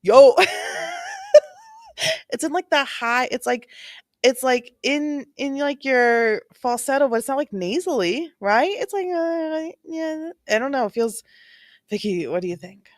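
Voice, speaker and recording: A fairly high-pitched woman speaks at a moderate pace in an echo-free, studio-quality recording. As host of a true-crime livestream, she reacts to a clip with casual, meandering commentary. "Like" comes up constantly in her chatty talk.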